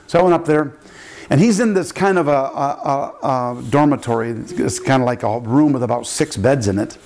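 An older man, a pastor, telling a story in a sermon and acting out the people in it with big jumps in his voice. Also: normal speed. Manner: animated preaching, acting out quotes with big pitch jumps.

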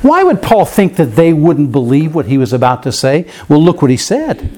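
A man preaching in a church, telling a personal story with lots of repeated words and big swings in pitch for emphasis. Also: big pitch swings, normal speed, hardly any pauses, a little mellow. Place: church room with a piano.

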